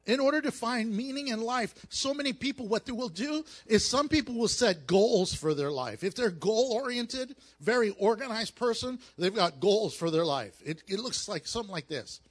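A man preaching as a pastor, mixing scripture with jokes and animated storytelling. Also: high voice, moderate pace, hardly any pauses. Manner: animated, jokey storytelling with acted asides. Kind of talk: sermon with humor.

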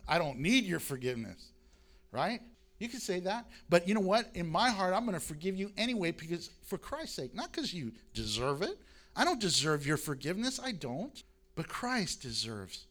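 Man, pastor, sermon, high voice, scripture reading, loud then quiet delivery. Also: sing-song, normal speed. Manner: reads scripture aloud, shifts between loud emphasis and quiet asides.

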